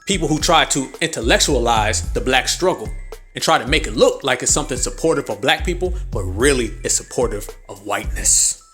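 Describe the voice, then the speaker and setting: An angry, profane man hosts a podcast of heated political commentary, mocking others with sarcastic mimicry. His mid-range voice is expressive, brisk and fairly bright, with faint music behind.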